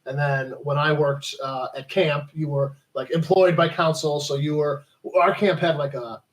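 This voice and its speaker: A man's voice: a little high, steady tone, moderate pace. A man co-hosting a casual chat, rambling with lots of fillers.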